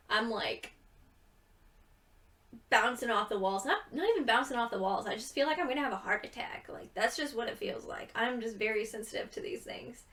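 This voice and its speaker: High-voiced chatty young woman, a little distant. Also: fairly bright tone. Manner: rambling, giggly, chatty. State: tired from little sleep. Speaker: gaming video creator. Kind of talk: casual chat over gameplay.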